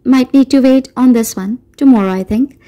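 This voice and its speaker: A woman's voice: sits high, moderate pace, dark tone, voice pushed up, close to an everyday voice. A woman voicing a mischievous fairy aunt who speaks in a breezy, matter-of-fact way. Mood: musing.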